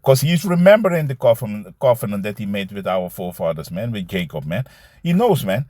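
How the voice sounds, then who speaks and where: A man teaching scripture in a loose, conversational way, reading verses slowly and commenting, often adding "man" and "you see". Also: fairly low pitch, big pitch swings, a little mellow, dry recording, clean studio sound. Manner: reads verses aloud slowly, then comments.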